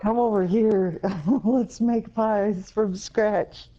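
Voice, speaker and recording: A woman's voice: mid-range voice, fairly even intonation, slow, dark tone, highs cut off. A woman co-hosting a casual podcast chat, teasing and incredulous, rattling off long lists.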